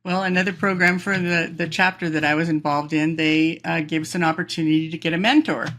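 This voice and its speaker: A woman guest in an interview, telling stories in an animated way, laughing often and acting out voices. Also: sits low, fairly quick, slight background noise. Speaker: professional speaker, guest. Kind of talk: casual storytelling interview.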